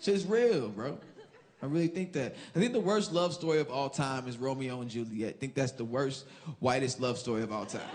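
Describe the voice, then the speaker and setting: A man from Chicago doing a loud stand-up routine on a club stage, switching into acted-out voices. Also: high voice. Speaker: stand-up comedian. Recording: loud crowd laughter and noise. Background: laughing crowd.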